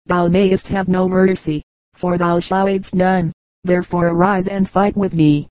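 A woman's voice: fairly low pitch, flat delivery, unhurried, darkish tone, no echo, close to an everyday voice, poor audio. A woman reading the lines of a stern, righteous male knight in stately archaic speech, in an audiobook reading.

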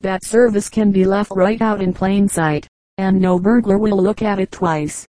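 Casting: woman reading a smooth, persuasive shopkeeper, dark mellow voice. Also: mid-range voice, fairly even intonation, unhurried, dry recording, lightly acted. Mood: suave. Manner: suave, persuasive. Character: suave smooth-talking male shopkeeper.

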